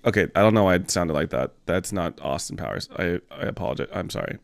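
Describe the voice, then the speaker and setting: A man's voice: low voice, big pitch swings, fast, gravelly, few pauses, no echo. A young man reacting to a video on his stream, rambling and bemused as he talks to his chat. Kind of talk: casual stream commentary.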